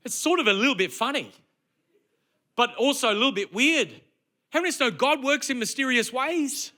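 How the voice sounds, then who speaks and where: A man's voice: extremely high pitch, lively intonation, brisk, sharp tone. A middle-aged male pastor preaching a sermon on a church stage, telling stories with humor and firing rhetorical questions at the congregation.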